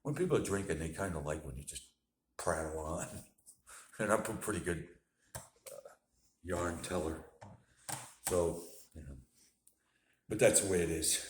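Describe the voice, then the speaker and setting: A low-voiced man talks through a casual video diary, rambling with fillers and self-corrections. He is self-deprecating and chuckles at his own stories. The sound has a roomy echo. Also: expressive, a little slow, long pauses, a little hiss or hum. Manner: self-deprecating, laughs at himself. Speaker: vlogger sharing his life with bipolar disorder.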